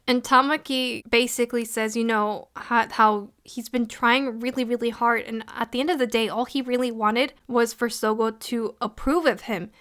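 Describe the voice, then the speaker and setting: A woman's voice: fairly high pitch, fairly even intonation, moderate pace, hardly any pauses, a bit bright. A woman talking through an anime episode in a casual review, earnest and emotional, with many "you know" fillers.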